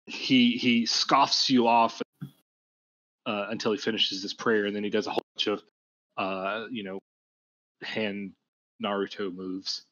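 Halting male game master, muffled mic. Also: on the low side, little pitch movement, fairly bright tone, dry recording. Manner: halting, with many fillers and restarts. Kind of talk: narrating a tabletop game.

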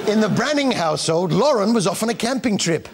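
A man's voice: sits high, animated, brisk, background noise. A man hosting a comedy show, giving giggly, mock-indignant commentary on TV clips. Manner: zany, giggly, mock-indignant, bursts into squeals.

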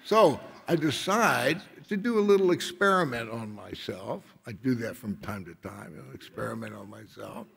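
A man's voice: medium pitch, lively intonation, moderate pace, hardly any pauses, a bit bright. An older man giving an award acceptance speech on stage, telling a story in a laid-back, rambling way with many casual filler phrases. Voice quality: gravelly and husky. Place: large concert hall. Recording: long hall reverb.

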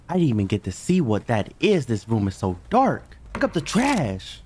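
A man's voice: mid-range voice, lively intonation, measured pace, darkish tone, a little hiss or hum. A man hosting his own channel, giving jumpy, chatty commentary on a horror game he plays and talking straight to his viewers. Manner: jumpy, talks to viewers, yelps when startled. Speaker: gaming channel host.

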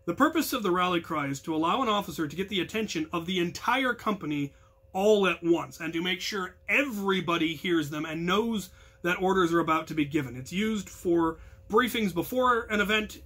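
A man's voice: high voice, fairly quick. A man leading a crew, giving an earnest instructional talk that explains its protocols. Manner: earnest, explanatory, with bursts of loud call-outs. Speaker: captain of a hobby combat crew, instructor.

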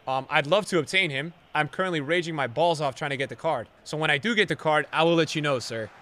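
A man streaming live gameplay commentary, sarcastic and bantering and often yelling at the game. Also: fairly high pitch, fast talker. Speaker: gaming streamer.

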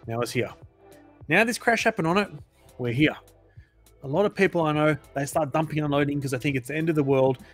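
A man hosting a crypto channel, giving casual, emphatic advice to his viewers and repeating phrases for emphasis. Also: a little high.

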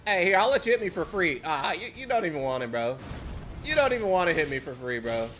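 A man's voice: a little high, big pitch swings, fast talker, fairly bright tone, slight background noise. A young adult man streaming a game live, trash-talking and teasing his chat with a lot of swearing. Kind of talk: live-stream gameplay commentary.

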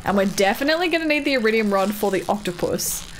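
A woman's voice: medium pitch, expressive, fast talker. Woman streamer, chatty and giggly, bouncy voice, noisy background. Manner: chatty, laughs often, talks to chat. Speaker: game streamer. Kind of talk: casual live-stream chat while gaming.

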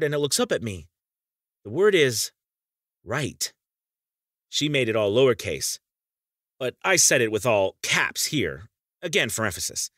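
Menacing man narrating, pitch swinging widely. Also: a bit bright, no echo, studio quality. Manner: bitter, menacing, talks straight to the listener. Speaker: audiobook narrator. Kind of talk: first-person audiobook narration.

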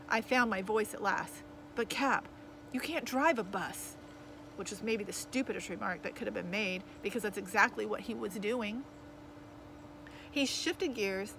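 A woman reading a children's novel aloud in lively, expressive first-person storytelling. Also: medium pitch, gravelly, a little hiss or hum, low-quality recording. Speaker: audiobook reader.

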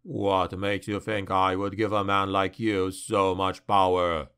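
A proud male dark elf warlord, sneering and imperious, voiced by a man reading a fantasy audiobook. His voice sits low and crisp, with an unhurried, contemptuous drawl. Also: level tone. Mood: scornful.

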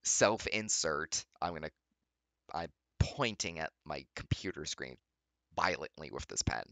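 A man's voice: a bass voice, animated, measured pace, gravelly, pushed and bright, no room sound. A young man, the channel's host, reading fanfiction aloud with sarcastic, exasperated commentary and mocking rants at his computer. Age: young adult.

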